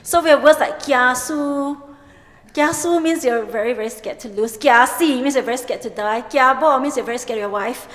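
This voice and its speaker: A woman's voice: sits high, normal speed. Woman lecturing in echoing hall. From Singapore. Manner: lively, expressive, with chatty asides. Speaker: conference speaker. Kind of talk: plenary conference talk. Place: large conference hall. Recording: long hall reverb.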